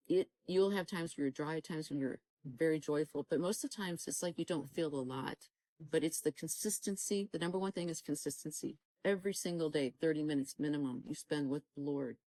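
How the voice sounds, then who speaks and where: Her voice sits low and dark, and she talks briskly while telling her faith story in an interview. Earnest and exhorting, she spurs listeners on and acts out quoted dialogue as she recalls it. There is no room sound, and the audio is poor.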